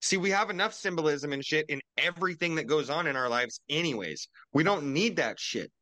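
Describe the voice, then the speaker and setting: A young man co-hosting a podcast over a video call, ranting and swearing in casual chat, jumping into loud mocking quotes. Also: fairly high pitch, animated, fairly quick, no echo. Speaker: podcast co-host.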